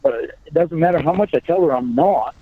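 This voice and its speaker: Halting man on a tinny phone line. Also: a little high, dry recording. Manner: halting, restarts and repeats words. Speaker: caller on a recorded phone call. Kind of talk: casual phone conversation.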